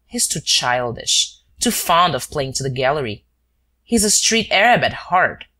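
Lady doing a smug calm detective guy, lower voice, slow and measured. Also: full character voice. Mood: calm, superior. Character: proud, cool-headed male detective.

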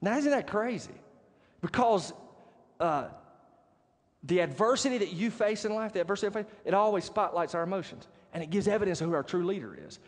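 High-voiced preaching man, reverberant hall. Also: animated, quick pace. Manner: storytelling, often checking in with the congregation. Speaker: pastor. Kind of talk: sermon. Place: church sanctuary. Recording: long church hall reverb.

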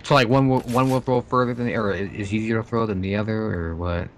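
A man's voice: on the low side, fairly even intonation, quick pace, a little hiss or hum. A young man from Canada chatting and joking with friends while playing a co-op game. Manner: joking, laughs often, teasing. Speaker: gamer. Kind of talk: casual co-op gaming chat.

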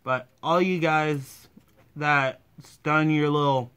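A man's voice: a little high, steady tone, slow, sharp tone, clean tone. A man casually chatting on camera at home while he eats spicy food, with hiccups between his lines. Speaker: vlogger eating hot sauce.

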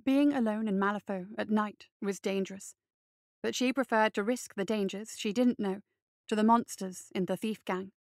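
A woman reading a fantasy story aloud in measured, even scripted narration. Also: mid-range voice, no echo, clean studio sound. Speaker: reader.

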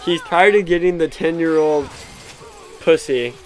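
A man's voice: on the high side, a little slow. A young man co-hosting a let's play, making crude, provocative jokes in casual chat.

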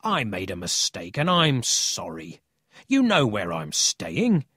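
A man's voice: on the low side, wildly swooping pitch, slow pace, bright, forceful tone, slightly rough, no room sound, clean studio sound, full character voice. A man voicing a sly adult thief who talks in a meek, wheedling way.

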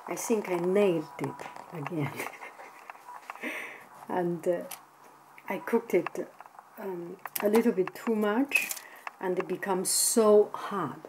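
A woman chatting casually to camera about her home baking, halting and full of fillers, cheerfully poking fun at herself. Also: on the low side, background noise. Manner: slow, halting, with many fillers; self-deprecating and cheerful. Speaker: home cooking vlogger.

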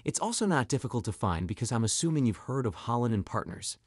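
A man's voice: medium pitch, very animated, quick pace, breathy edge, no echo, clean studio sound. A man voicing a wealthy lawyer in his seventies who speaks in a self-assured, kindly way. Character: wealthy old male lawyer, confident and kind.

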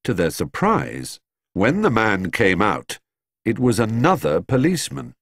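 A man narrating a children's storybook in an expressive, measured way. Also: fairly low pitch, no echo, studio quality. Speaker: audiobook narrator.

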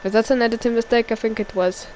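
A woman giving excited amateur play-by-play wrestling commentary, repeating each call and shouting at the big moves. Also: a little high, fast talker, slight background noise, rough recording.

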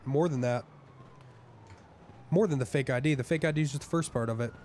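A man's voice: medium pitch, a little fast, darkish tone, a little hiss or hum. A man roleplaying a crook in a game, talking in a profane, rambling, conspiratorial way. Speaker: roleplay streamer playing a crook.

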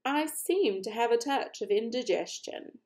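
Storybook bug: pompous, stuffed, wheezy male insect, put on by a woman reader, slow and showy. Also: fairly high pitch, animated, darkish tone, pitched above the performer's own voice. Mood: distressed. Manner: grandiose, flowery speech.

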